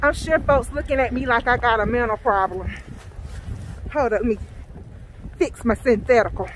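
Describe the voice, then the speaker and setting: A Southern American woman vlogs outdoors in the snow, walking with her phone and calling out to her viewers with dramatic exclamations. Her voice is fairly high and moves at a normal speed, talking casually to the camera. The recording is rough, with a little hiss or hum.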